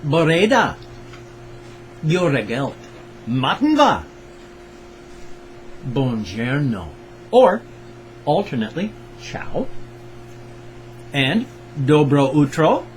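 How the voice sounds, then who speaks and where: A man's voice: on the high side, huge pitch swings, extremely slow, long pauses, a little hiss or hum, rough recording. An older man from the Pacific Northwest with its accent, chatting in a rambling, self-correcting way in a casual solo vlog. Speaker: vlogger.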